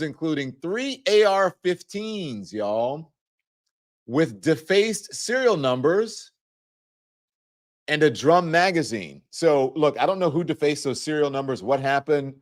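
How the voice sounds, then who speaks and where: A man hosting a talk show, reading a document aloud and adding playful, chatty asides to his viewers. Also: fairly high pitch. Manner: playful, quick to crack jokes. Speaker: show host. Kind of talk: live news commentary talk show.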